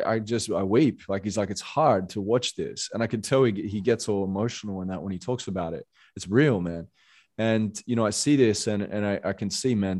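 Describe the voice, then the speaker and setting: Man, low voice, rambling casual podcast talk, impassioned, fillers everywhere. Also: darkish tone. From Australia. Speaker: podcast guest.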